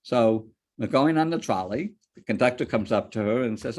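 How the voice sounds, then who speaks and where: A man's voice: medium pitch, moderate pace, few pauses. A man giving a lecture on ethics to board members, telling personal anecdotes and asking rhetorical questions. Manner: lively storyteller, rhetorical questions.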